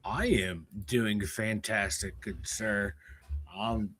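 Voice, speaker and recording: A man's voice: on the low side, slow pace, a bit bright, slightly rough. A man in his forties with a Pittsburgh accent, co-hosting a casual sports talk show in an easygoing, playful way. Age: 40s. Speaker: podcast co-host.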